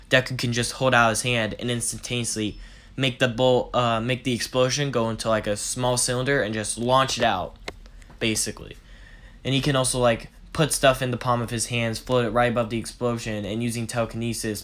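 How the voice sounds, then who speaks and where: A man's voice: mid-range voice, fairly bright tone. A young man casually retelling a fan story, rambling with lots of "like" and "basically". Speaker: channel storyteller.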